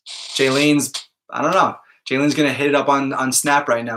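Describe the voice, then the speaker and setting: A man's voice: mid-range voice, fairly even intonation, normal speed, pushed and bright, a little hiss or hum. A man, a math teacher, talking casually and upbeat to his students in a live online class, checking in with them often.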